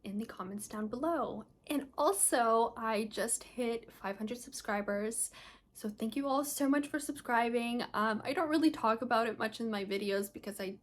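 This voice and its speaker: A woman's voice: on the high side, normal speed. A young woman chatting on her book vlog, gushing and emotional about what she read, with fillers like "um" and "I don't know". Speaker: book vlogger. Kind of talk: casual book review vlog.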